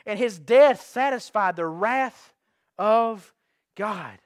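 A man's voice: sits high, lively intonation, slow, no echo, studio quality. A man preaching an evening sermon to his congregation. He is earnest, repeats and restarts phrases, and puts questions to the listeners. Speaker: pastor. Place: church sanctuary.

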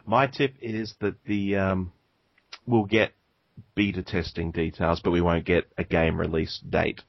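An Australian man co-hosting a casual gaming podcast, easygoing and quick to chuckle. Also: low-pitched, flat delivery, creaky, dry recording, lo-fi sound. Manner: easygoing, laid-back, chuckling. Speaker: podcast co-host. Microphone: home podcast microphone.

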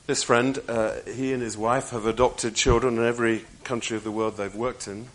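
A man preaches a sermon in a mid-pitched voice. He swings between raised, emphatic lines and hushed, near-whispered stretches, and he repeats his key phrases for weight. Faint ambient noise sits under his voice. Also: little pitch movement, moderate pace, poor audio.

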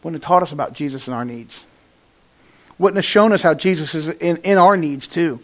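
A man preaching a sermon to his congregation, moving between raised, emphatic passages and quiet, hushed ones, and acting out the lines he quotes. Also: a little high, normal speed. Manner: animated, swings from loud to hushed, acts out quotes. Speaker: pastor.

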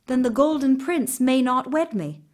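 A brave young princess from a storybook, her voice pitched high and lively, as a woman reader puts her on. She speaks with bold determination and quick excitement. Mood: determined.

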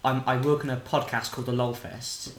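A man's voice: mid-range voice, little pitch movement, a little fast. A man from England rambling and joking through gameplay as a podcast co-host, swearing often. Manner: rambling, silly, swears a lot. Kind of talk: joking gameplay chat in character. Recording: echoey room with faint noise.

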